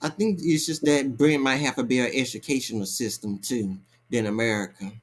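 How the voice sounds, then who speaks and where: A man chatting casually, offering brief, calm opinions. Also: medium pitch, fairly quick. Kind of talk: casual group chat.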